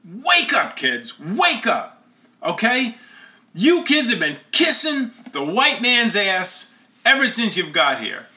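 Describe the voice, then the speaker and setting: Furious teenage boy in tears, yelling, sharp and high , as a man puts him on. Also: big pitch swings, moderate pace, hardly any pauses, reverberant.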